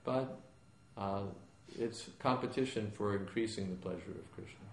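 Man in a q&a class, lowish voice, calm plain explaining, echoey room. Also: normal speed. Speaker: spiritual teacher answering questions. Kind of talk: question-and-answer class. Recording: echoey room with background noise.

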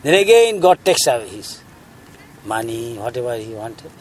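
A man's voice: mid-range voice, moderate pace, a little hiss or hum. A man giving a spiritual talk, telling stories and questioning his listeners. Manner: animated, laughing, questions the audience. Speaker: spiritual teacher. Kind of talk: sermon with storytelling.

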